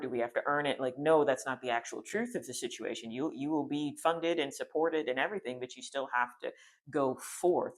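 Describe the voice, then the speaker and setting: Male spiritual teacher, mid pitch, casual rambling storytelling delivery. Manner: rambling, many restarts and fillers, conversational.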